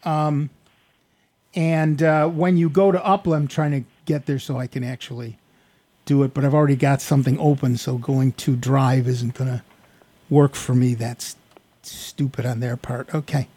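A man's voice: mid-range voice, little pitch movement, normal speed, dark tone, slightly rough. A man hosting a call-in computer radio show, talking casually and walking callers through steps in a rambling, chatty way. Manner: chatty, rambling, explains step by step. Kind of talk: call-in radio tech advice. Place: radio studio. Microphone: studio microphone.

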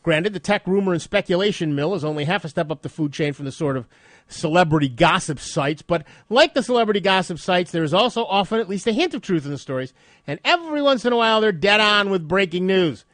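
Male radio tech host, stuffed-up, higher pitch, dry close sound, wry and chatty. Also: expressive, quick pace, a bit bright, dry recording. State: stuffed up nose. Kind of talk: radio tech talk and news reading.

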